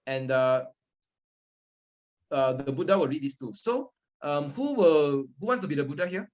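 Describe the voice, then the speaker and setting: Male Dharma teacher, conversational, checks in with class. Lively, slightly high. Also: normal speed, lo-fi sound. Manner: conversational, checks in with listeners often. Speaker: Buddhist teacher.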